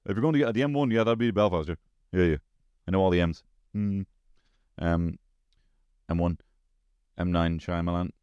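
Low-voiced Dublin man telling comic stories. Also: moderate pace, pauses often, clean tone, dry recording, highs cut off. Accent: Dublin Irish. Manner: animated storytelling, swears freely, lots of tag questions. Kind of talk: casual comic monologue.

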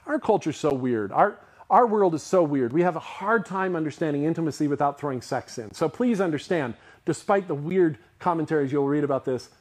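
Man, sermon, conversational, slightly higher voice. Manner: conversational, animated, asks the audience questions. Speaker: pastor.

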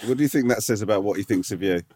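Chatty podcast co-host, dry sound. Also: male voice, lowish voice, racing, darkish tone, dry recording. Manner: chatty, teasing, stumbling restarts. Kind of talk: casual chat.

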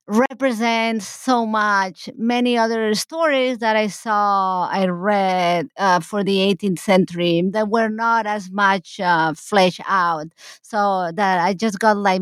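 A woman's voice: mid-range voice, no echo. Rambling woman historian, dry close sound. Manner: rambling, many restarts and fillers. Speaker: historian guest. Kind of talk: casual interview talk.

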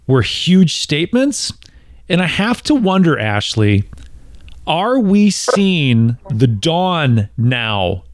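Guy host asking long emphatic questions, a bit high voice, dry close sound. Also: no room sound. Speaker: podcast host. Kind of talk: conversational interview.

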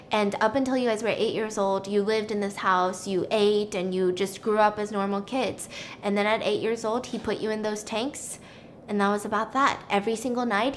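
A young woman casually retelling a story while cooking, chatty and animated, with lots of filler words. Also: medium pitch, a little hiss or hum. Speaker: storytelling vlogger.

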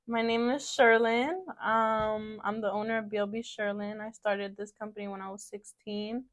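A young woman talks as a guest on an interview show, easygoing and chatty. She drops casual curses as she tells her story and slips into quick impressions of other people. Her voice sits at an ordinary pitch for a woman. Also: level tone. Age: young adult. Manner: chatty, swears casually, acts out quoted dialogue. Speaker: guest entrepreneur.

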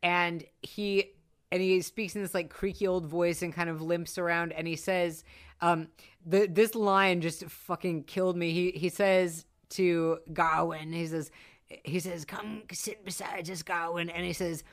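Woman chatting about a movie, smooth clear voice, lots of likes and ums. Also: lowish voice, unhurried. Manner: chatty, animated, many fillers and asides. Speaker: podcast co-host discussing a film. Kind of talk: casual chat.

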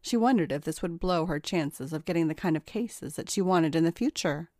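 A woman narrating a story in a steady, even storytelling manner. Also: deep voice, fairly quick, no echo, clean studio sound. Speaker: audiobook narrator. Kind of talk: scripted narration.

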